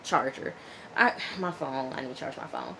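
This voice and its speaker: Low-voiced woman chatting through a recap. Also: moderate pace, noisy background. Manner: chatty, animated retelling with frequent "okay?" and fillers; acts out the people she quotes. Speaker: TV episode reviewer. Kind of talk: casual episode recap.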